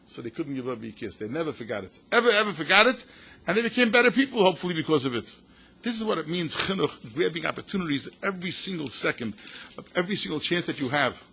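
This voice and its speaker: A man's voice: fairly high pitch, creaky, husky. An older man, a rabbi telling stories in a passionate talk, acting out quotes and mixing in Yiddish and Hebrew words. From United States. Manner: animated storyteller, acts out quotes, mixes in Yiddish and Hebrew words. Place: synagogue event hall.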